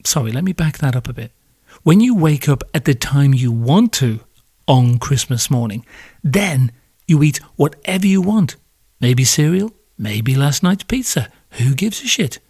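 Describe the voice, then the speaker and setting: Guy ranting on his podcast, sarcastic, swears a lot, mid pitch. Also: lively intonation, a little slow, a little mellow, husky, no room sound, clean studio sound. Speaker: podcast host. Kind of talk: comedic monologue.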